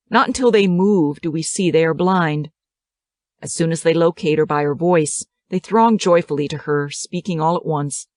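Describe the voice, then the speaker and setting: Woman reading a play, low voice. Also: a little mellow, no echo, clean studio sound. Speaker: narrator. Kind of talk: dramatic reading of a play script.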